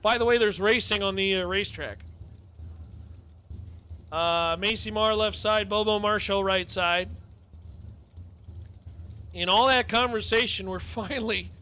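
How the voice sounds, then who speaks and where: A man's voice: sits high, unhurried, long pauses, pushed and bright, clear, resonant tone. A man announcing at a drag strip, chatting casually and joking between races. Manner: chatty, joking, easily distracted. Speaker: track announcer. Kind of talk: casual race-day commentary.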